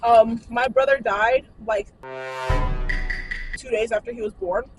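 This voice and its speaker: A young woman with a high voice chats casually from a parked car. She tells gossip animatedly and acts out the quotes of the people she talks about. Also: fairly even intonation, measured pace, music in the background. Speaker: co-host.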